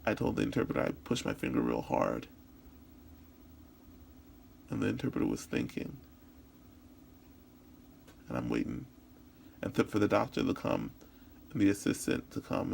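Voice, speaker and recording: A man voicing a signed personal story in the first person as interpreting practice, halting, with frequent restarts and repeated words. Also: lowish voice, gravelly, a little mellow, a little hiss or hum.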